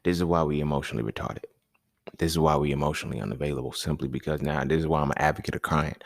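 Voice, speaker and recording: Deep-voiced man, slangy casual monologue. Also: very fast, creaky, no echo, studio quality. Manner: emphatic, slangy, repeats points. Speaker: podcast host.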